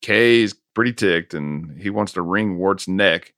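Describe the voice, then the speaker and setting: A man's voice: low-pitched, unhurried, no echo, clean studio sound. A man casually retelling a film's plot on a podcast, with many fillers and small laughs. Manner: relaxed recapping with fillers and laughs. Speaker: podcast host. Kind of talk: casual film recap.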